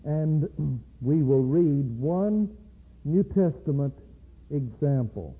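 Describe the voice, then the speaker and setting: Male preacher, slightly high, husky, slow and deliberate; thin phone-like audio. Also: animated. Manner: slow, measured, deliberate emphasis. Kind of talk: evening sermon. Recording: tinny phone-like lo-fi recording.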